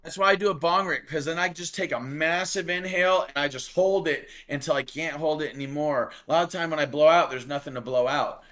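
A man in casual talk show conversation telling a long story, acting out quotes loudly, swearing freely and saying "like" often. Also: a little high, fairly quick, hardly any pauses. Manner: animated, acts out quotes in raised voice. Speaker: podcast guest.

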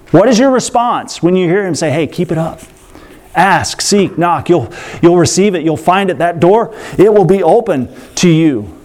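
A man preaching a sermon in a lively, conversational way, acting out quotes with playful voices. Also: a little high. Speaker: pastor.

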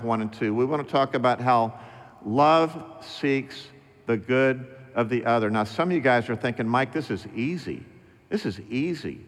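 A middle-aged male pastor delivering a sermon with emphatic, slow, repeated refrains. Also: mid-range voice. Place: church sanctuary. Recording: long reverb of a church hall.

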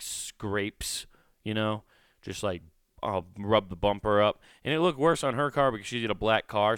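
Guy rambling on his podcast, swears a lot, kinda low smooth voice, dry small room. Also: dry recording. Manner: rambling, profane, restarts often. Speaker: podcast host. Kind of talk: casual solo podcast monologue.

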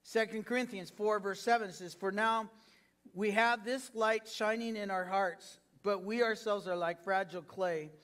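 A man preaching to his congregation, acting out quoted lines with big swings in pitch and loudness. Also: fairly even intonation, moderate pace. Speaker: pastor. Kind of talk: sermon.

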